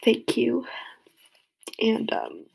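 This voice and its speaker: A woman's voice: on the high side, level tone, extremely slow, creaky, a little mellow, breathy edge, whispered. A young woman crying as she gives a rambling, heartfelt tribute to a friend. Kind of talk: emotional personal tribute.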